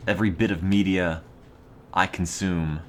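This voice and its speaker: A man's voice: low-pitched, steady tone, normal speed, background noise. A young American man with an East Coast accent, rambling in a dry, mock-serious way while streaming a game. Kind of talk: casual gaming stream chat.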